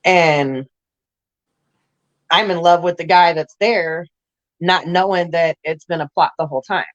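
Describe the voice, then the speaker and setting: A woman's voice: lowish voice, measured pace, muffled recording. A woman telling her life story in a casual interview, blunt and raw, rambling with restarts.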